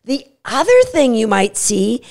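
A woman's voice: on the high side, very animated, a little slow, a little mellow. A woman hosting a podcast on dog training, talking emphatically and acting out what dogs say. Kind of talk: podcast monologue.

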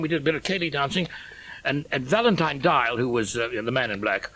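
A man's voice: fairly high pitch, fast talker, fairly bright tone, poor audio. A man animatedly recalling a stage show in an interview, acting out voices as he goes. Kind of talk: interview anecdote.

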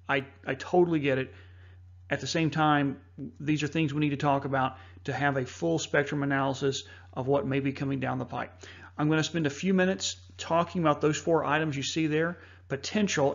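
A man hosting a preparedness talk, narrating over slides in an earnest, measured way with frequent fillers. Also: fairly high pitch, creaky, lo-fi sound. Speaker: host.

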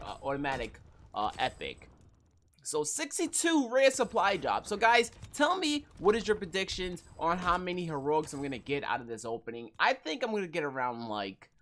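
This is a gaming YouTuber riffing through casual commentary in a loose, slang-heavy way. The voice is lively, with pitch leaping up and dropping low again as excitement and annoyance trade places. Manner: excitable, frustrated, slangy, restless.

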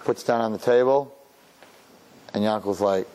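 A middle-aged rabbi telling a story as a sermon, acting out the characters and mixing in Yiddish and Hebrew words. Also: male voice, on the low side, unhurried, warm tone, slight background noise.

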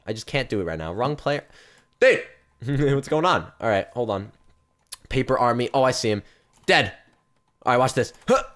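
A young man giving live commentary on his game stream, chatting straight to his viewers and breaking into loud yelps and shouts. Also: medium pitch, fairly quick. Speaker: gaming streamer.

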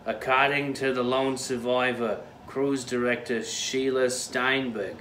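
A man's voice: mid-range voice, steady tone, a little slow, pushed and bright, slight background noise. A man putting on a hammy Boston newsreader. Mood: mock-dramatic. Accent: Boston, put on. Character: man reading a news article in a put-on accent. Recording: echoey room.

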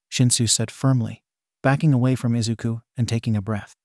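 A man narrating a fan fiction story in a flat, even reading style that reads symbols out literally. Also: mid-range voice, moderate pace, no room sound, studio quality.

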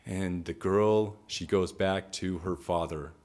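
A man's voice: low voice, fairly even intonation, takes it slowly, darkish tone. A man giving a storytelling talk, retelling a myth dramatically with lots of repetition. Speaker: speaker.

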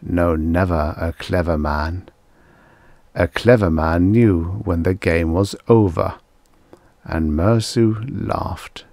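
A man reading vintage science fiction aloud in a measured, deliberate way, as an audiobook narrator. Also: deep voice, vocal fry, a little mellow, no echo.

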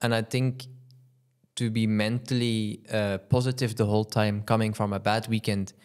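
A man's voice: fairly low pitch, little pitch movement, moderate pace, darkish tone, clear, resonant tone. A racing driver chatting casually on a podcast, often stumbling over his words and laughing. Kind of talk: casual chat.

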